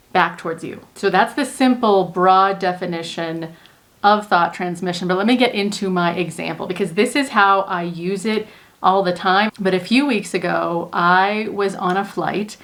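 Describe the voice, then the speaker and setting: A young adult woman, a manifestation coach, explaining a technique calmly and earnestly step by step in a casual teaching talk. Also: medium pitch. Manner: calm, earnest explaining in spoken steps.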